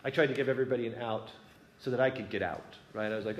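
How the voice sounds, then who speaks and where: A man with a medium-pitched, fairly level voice speaks very fast, sharing an earnest personal reflection with a gathering in a conversational way and often asking whether it makes sense to his listeners. The room is echoey with faint ambience, slight background noise, and the highs are cut off.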